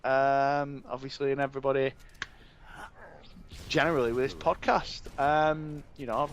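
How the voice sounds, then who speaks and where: A man's voice: medium pitch, little pitch movement, unhurried, slight background noise. A man co-hosting a casual podcast, chatty and full of fillers. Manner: chatty, leans on "obviously" and "um". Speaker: podcast co-host.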